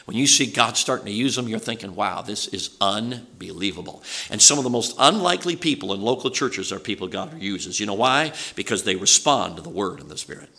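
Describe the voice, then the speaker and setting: An older man delivers a sermon in a bright, forceful voice. He talks in a folksy, rambling way, with restarts and asides, and keeps asking his listeners questions. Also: on the low side, animated, fast talker, hardly any pauses. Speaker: preacher.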